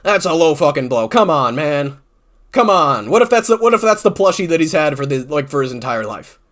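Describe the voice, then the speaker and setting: A man's voice: fairly high pitch, sing-song, fairly quick, a bit bright. A man, a YouTuber, ranting about online comments in an exasperated, sarcastic way, swearing often and restarting his sentences.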